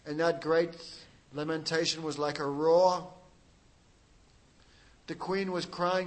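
A man's voice: fairly high pitch, steady tone, takes it slowly, long pauses, low-quality recording. A man preaching a sermon, telling a story with dramatic, emotional delivery and acting out the quotes. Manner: laughs at his own jokes.

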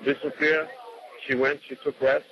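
A man's voice: mid-range voice, level tone, moderate pace, highs cut off, a crowd in the background. A man telling a devotional story off the cuff, often repeating words and acting out what the people in it said. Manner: unscripted, repeats words, acts out quotes.

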